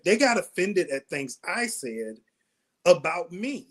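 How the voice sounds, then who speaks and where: Male comedian guest, fairly high voice, lively storyteller who acts out quoted lines. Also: measured pace. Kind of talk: casual interview chat.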